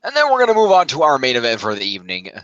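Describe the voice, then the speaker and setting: A man hosting a casual podcast, recapping wrestling and tallying fantasy points out loud in a laid-back way. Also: medium pitch, wildly swooping pitch, rapid-fire, dry recording, dull audio. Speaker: podcast host.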